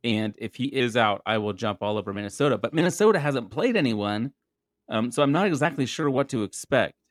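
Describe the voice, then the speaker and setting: A man's voice: medium pitch, animated, brisk, no echo, clean studio sound. A man co-hosting a podcast, chatting casually about sports picks with frequent laughs and hesitant fillers. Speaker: podcast co-host. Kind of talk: casual sports betting chat.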